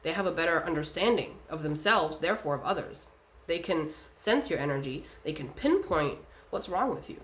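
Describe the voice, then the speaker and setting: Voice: mid-range voice, animated, normal speed, few pauses, fairly bright tone. A speaker talking casually and bluntly, giving spiritual advice in a vlog, swearing often and using lots of fillers.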